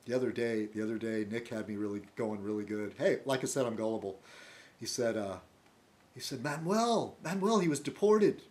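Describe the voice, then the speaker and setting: A man's voice: lowish voice, fairly even intonation, brisk, darkish tone. A man video blogger talking through a rambling casual monologue, meandering with many restarts and frequent laughs.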